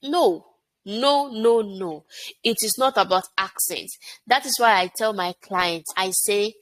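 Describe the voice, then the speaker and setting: A woman's voice: mid-range voice, slow pace, a bit bright. Emphatic woman coaching public speaking. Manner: emphatic, repeats phrases and asks rhetorical questions. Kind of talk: motivational teaching talk.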